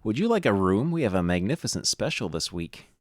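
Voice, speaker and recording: A man's voice: lowish voice, big pitch swings, a little fast, no room sound, clean studio sound. A man voicing a friendly, worried male alien resort host in a video game. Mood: fretting. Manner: worried, polite, flustered.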